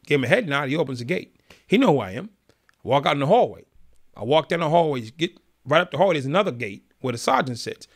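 Gravelly, animated man telling a story. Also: fairly high pitch, fast. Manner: calm, streetwise, vivid retelling. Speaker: guest. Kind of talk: storytelling in an interview.

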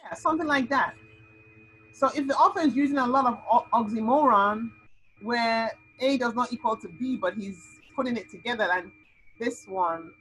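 A woman tutor teaching an SAT lesson over a video call, explaining with lively, animated delivery. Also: on the high side, husky, rough recording. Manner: lively, animated explaining with sound-word outbursts.

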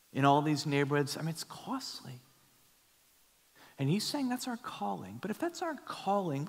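A middle-aged male pastor preaching a sermon, swinging from loud, high emphasis to hushed near-whispers. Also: creaky. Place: church sanctuary. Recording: long church hall reverb.

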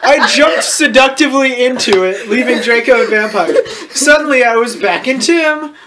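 High-voiced woman joking through fan fiction. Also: animated, normal speed. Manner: joking interruptions, laughing. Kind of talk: comedic dramatic reading. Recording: noticeable background noise.

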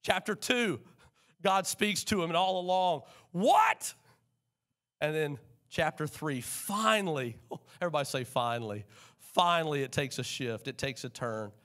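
Animated preacher, high voice. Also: male voice, moderate pace. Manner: animated preacher, calls for congregation responses. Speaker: pastor. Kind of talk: sermon. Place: church sanctuary.

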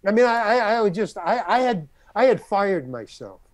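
Older man telling a lively story. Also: sits high, moderate pace, dry recording. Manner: animated storyteller who acts out the people in his story. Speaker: guest. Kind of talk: anecdotal storytelling in an interview.

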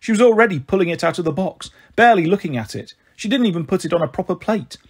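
Husky-voiced man reading a storybook. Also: high voice, quick pace. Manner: steady, plain first-person narration.

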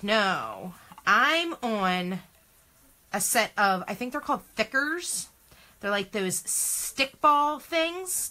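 A woman's voice: medium pitch, bright, forceful tone. A woman chatting through a home craft demo, chatty and self-deprecating, often exclaiming. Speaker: craft vlogger.

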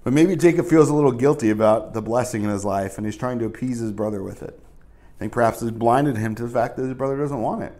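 A man's voice: medium pitch, fast, dark tone. A male pastor giving a casual, conversational sermon, full of asides and fillers.

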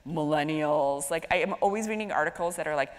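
A woman in her thirties hosting a stage conversation, talking in a lively, filler-heavy, storytelling way. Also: low-pitched, fairly quick. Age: 30s. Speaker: host moderating a stage conversation. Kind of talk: chatty onstage conversation. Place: stage of a live event in a hall. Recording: echoey hall with faint noise.

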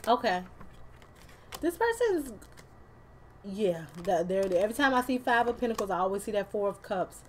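A woman's voice: mid-range voice, animated, a little fast, a little hiss or hum. A woman doing a casual tarot reading to camera, chatty and loose, with slang, swearing and laughing asides. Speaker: tarot card reader.

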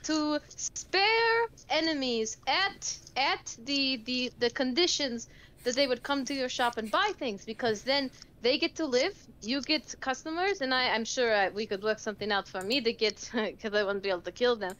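A woman's voice: high voice, normal speed, fairly bright tone. A woman playing a tabletop game, eagerly rambling in character and restarting often. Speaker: player. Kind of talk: tabletop role-play in character.

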